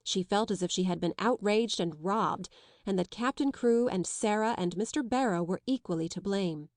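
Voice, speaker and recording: A woman reading a classic children's novel aloud as an audiobook narrator, in a measured, even storytelling voice. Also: medium pitch, no room sound. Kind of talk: scripted narration.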